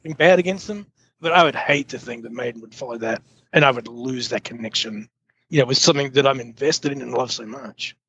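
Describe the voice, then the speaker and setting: A man with a husky, breathy voice speaks earnestly and opinionatedly in a casual podcast chat. His sound is dry and dull, as if coming through a lo-fi line. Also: medium pitch, fairly quick, fairly bright tone, no room sound. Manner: earnest and opinionated, with frequent fillers.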